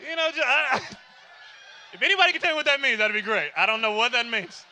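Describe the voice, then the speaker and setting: Bright high-voiced male stand-up comic. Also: animated, quick pace, slight background noise. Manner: loose and conversational with many fillers; asks the audience rhetorical questions. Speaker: stand-up comedian. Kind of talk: stand-up comedy.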